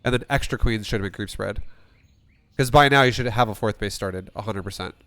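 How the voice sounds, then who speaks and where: A man's voice: fairly low pitch, fairly quick, fairly bright tone. A man coaching a player through a game replay, blunt and rambling, swearing often and restarting sentences. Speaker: StarCraft coach. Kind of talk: casual replay coaching with profanity.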